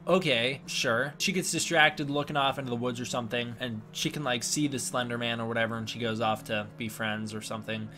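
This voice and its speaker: Male reviewer, bright and sarcastic, casual delivery, faint background noise. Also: mid-range voice, steady tone, brisk, few pauses. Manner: sarcastic, mocking mimicry of characters. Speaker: movie reviewer.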